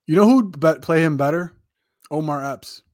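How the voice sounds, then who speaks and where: Easygoing man, slightly higher voice. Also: normal speed, darkish tone, no echo, clean studio sound. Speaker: co-host, teacher. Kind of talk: casual sports chat.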